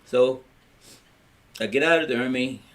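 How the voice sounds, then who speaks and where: A man's voice: mid-range voice, unhurried. An older man from Louisiana with a Louisiana accent, telling his life story in a family history recording, plain-spoken and rambling as he acts out old conversations.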